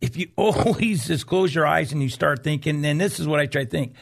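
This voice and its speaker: A man's voice: on the high side, a little fast, creaky. A man co-hosting a Christian talk show, chatting casually and preaching to viewers, with many restarts and "you know"s.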